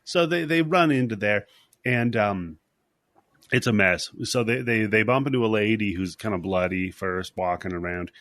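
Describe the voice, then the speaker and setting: A man's voice: fairly low pitch, fairly bright tone, no room sound, clean studio sound. A man hosting a casual podcast, rambling and swearing as he recaps a movie scene by scene and acts out the lines. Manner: rambling, profane, acts out scenes in quick voices. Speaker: podcast host.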